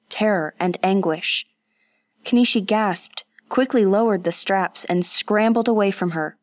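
A woman narrating a novel as an audiobook, in a measured, even storytelling manner. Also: mid-range voice, no room sound, clean studio sound. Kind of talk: scripted narration.

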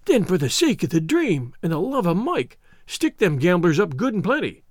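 A man voicing an excitable gold hunter who talks in a hoarse, urgent whisper and folksy slang. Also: sits high, moderate pace, dry recording, clean studio sound, full character voice.

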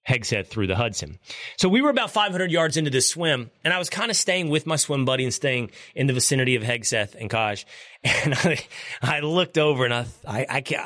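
A middle-aged man hosting a talk show, telling a story in an animated, joking way. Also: lowish voice, dry recording, studio quality. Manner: animated, jokey storytelling with impressions. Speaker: podcast host. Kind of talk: storytelling monologue.

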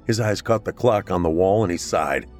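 Deep-voiced man narrating horror. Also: normal speed, darkish tone, soft background music.

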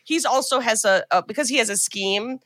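A woman podcast co-host recapping a movie in a casual, profane, animated storytelling way. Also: on the high side, a little fast, dry recording.

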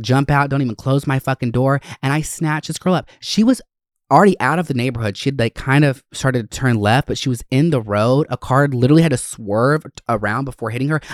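A young adult man hosting a podcast, telling a story in a casual, animated and dramatic way with plenty of swearing. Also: medium pitch, no room sound, studio quality. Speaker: podcast host.

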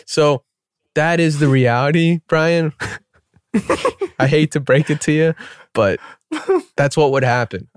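A man co-hosting a casual chat, spinning exaggerated scenarios with lively, joking energy. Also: a little high, takes it slowly, pauses often, clean tone, no room sound, clean studio sound. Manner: animated storyteller, riffs with exaggerated scenarios. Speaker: podcast co-host.

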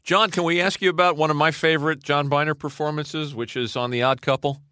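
Eager male podcast interviewer, bright voice, dry close mic. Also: a little high, fairly even intonation, fairly quick, smooth, no room sound. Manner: enthusiastic, asks questions. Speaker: podcast co-host. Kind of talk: casual interview chat.

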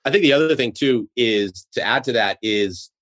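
A man's voice: medium pitch, animated, normal speed, a bit bright. A man from Boston, a show co-creator, chatting eagerly in an interview with lots of "like" fillers. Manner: chatty, filler-heavy, enthusiastic. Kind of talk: casual interview chat.

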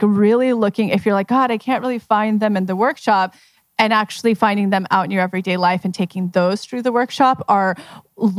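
A woman's voice: mid-range voice, no room sound. A young woman coaching at a live question session, chatty, often laughing and acting out voices as she talks. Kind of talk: live Q&A talk.

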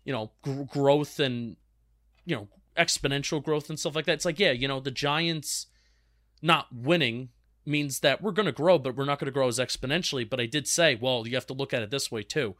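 A man's voice: medium pitch, brisk, fairly bright tone, no echo, studio quality. A man in his twenties co-hosting a football fan show, chatting casually with many restarts as he reads out listener questions. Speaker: sports podcast co-host. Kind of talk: casual chat.

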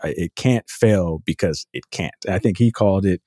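A man with a very low, mellow voice talks through a book in a loose, rambling way, often stopping to correct himself. The sound is dry and close, with no room around it. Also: moderate pace, no room sound. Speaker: podcast guest, author. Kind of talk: casual podcast chat.

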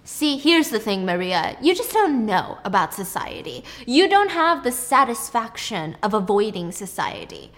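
A woman's voice: medium pitch, big pitch swings, unhurried, few pauses. A woman doing a curt, condescending rich man. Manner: curt, dismissive. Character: cold, condescending rich middle-aged man.

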